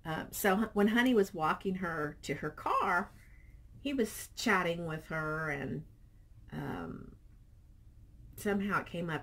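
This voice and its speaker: A middle-aged woman vlogging casually, chatting and reading viewer comments aloud in an animated storytelling way. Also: fairly low pitch, takes it slowly, long pauses.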